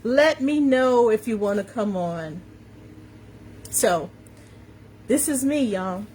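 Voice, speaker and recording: Slow, emphatic woman preaching confidence live. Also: on the high side, expressive, darkish tone, slight background noise. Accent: New York, slight. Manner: preachy and emphatic, repeating phrases, greeting viewers by name. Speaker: confidence coach hosting a live stream. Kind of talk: live-stream motivational talk. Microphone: phone or webcam on a social media live video.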